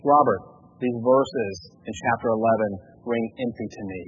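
A man preaching a sermon as pastor, earnest and pleading, dropping to a hush at emotional points. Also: medium pitch, normal speed, dull audio, soft background music.

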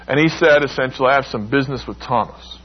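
A husky-voiced man preaching at a medium pitch, acting out the quoted lines with sudden emphatic rises. The recording is dull and lo-fi, with the top end muffled. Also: fast talker. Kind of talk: sermon.

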